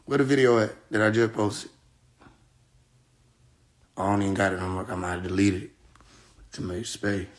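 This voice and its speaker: A man's voice: fairly low pitch, steady tone, moderate pace, long pauses. Heated man ranting on a livestream. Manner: heated, profane, talks straight at viewers. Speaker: livestream host. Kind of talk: casual livestream rant.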